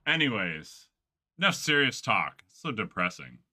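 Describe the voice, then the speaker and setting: A man's voice: fairly low pitch, very animated, moderate pace, pushed and bright, no echo. A man streaming a game, chatting casually with friends in a rambling, profane way and laughing often. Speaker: gaming streamer. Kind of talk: casual chat while gaming.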